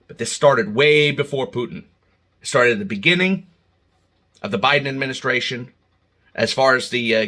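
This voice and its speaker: A man delivers a heated, emotional monologue to his viewers, stumbling over restarts and jumping into loud outbursts. His voice is bright and forceful, with a husky edge to it. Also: medium pitch. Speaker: channel host. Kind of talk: opinion monologue to camera.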